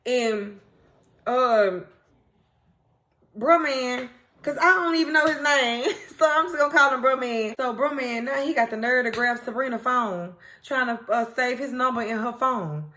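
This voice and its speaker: A woman talks straight to her viewers as she recaps a TV episode. Her voice sits a bit high, and she acts out the characters' lines with lively, dramatic turns and frequent laughs. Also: moderate pace. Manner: animated storytelling, acting out characters' lines, laughing often. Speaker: TV recap host.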